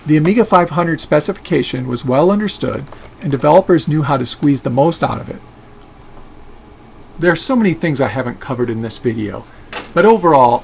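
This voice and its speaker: A man's voice: mid-range voice, vocal fry, slight background noise. A man narrating a scripted video essay as host of his channel.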